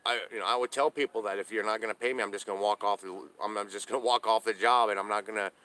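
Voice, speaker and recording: A middle-aged man talks straight into a handheld camera from inside his trailer, his voice sitting a little low. He rants in a bitter, profane way, stumbling and circling back over his words. It sounds like a casual off-the-cuff vlog. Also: fairly even intonation, very fast, pushed and bright, clear, resonant tone. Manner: profane, aggrieved ranting with many restarts. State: homeless, living in a trailer. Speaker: vlogger. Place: inside a parked trailer on a hot day.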